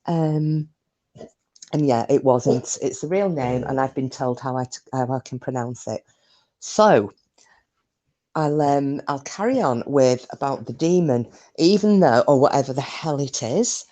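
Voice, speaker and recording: A woman's voice: a bass voice, lively intonation, unhurried, warm tone. A woman hosting a live stream, rambling in casual chat with plenty of fillers and breaking off to greet viewers by name. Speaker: livestream host.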